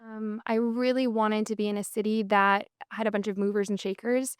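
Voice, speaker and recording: A woman with a Minnesota accent, guesting on a podcast as a business co-founder, tells her story in a casual interview, upbeat and fluent but full of "um" and "and so." Her medium-pitched, level voice moves at normal speed and sounds clean, recorded in a studio with no room sound.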